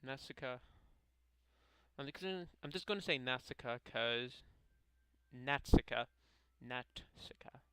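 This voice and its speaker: A man reading a visual novel aloud in a casual playthrough, halting and stumbling over names as he corrects himself. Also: medium pitch, a bit bright, clean tone, poor audio. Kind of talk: casual game playthrough narration.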